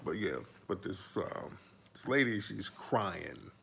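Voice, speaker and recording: A man hosting a casual commentary monologue, talking animated and preachy into a phone held close to his face. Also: deep voice, slow, creaky, slightly rough. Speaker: host.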